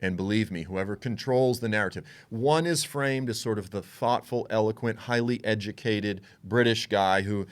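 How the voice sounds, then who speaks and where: A man giving a conversational Bible teaching, frank and animated, acting out what others would say. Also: lowish voice, moderate pace, few pauses. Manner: animated, frank, with asides and quoted voices.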